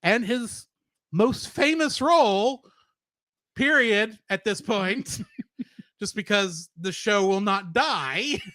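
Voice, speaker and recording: High, lively-voiced man chatting on a podcast. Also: takes it slowly, no echo, studio quality. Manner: laughs often, animated and chatty. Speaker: podcast co-host. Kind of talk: casual podcast chat.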